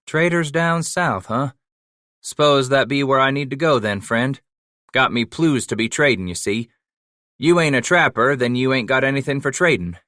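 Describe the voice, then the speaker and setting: A man's voice: medium pitch, moderate pace, pushed and bright, no room sound, clean studio sound, pitched above the performer's own voice, natural voice. A man voicing a friendly, aging frontier trapper who speaks in a folksy drawl with dropped endings.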